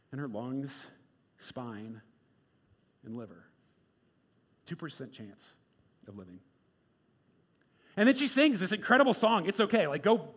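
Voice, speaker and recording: A male pastor giving a conversational sermon, informal and repetitive, swinging between loud emphasis and quiet asides. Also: a little high, breathy edge. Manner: informal, repeats words, many "like"s and "right?"s.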